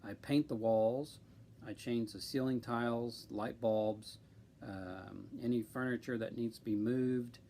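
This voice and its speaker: A man from central Illinois, chatting casually on a live stream and speaking slowly and deliberately with many ums. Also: mid-range voice, fairly even intonation, gravelly, dark tone, a little hiss or hum. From central Illinois, USA.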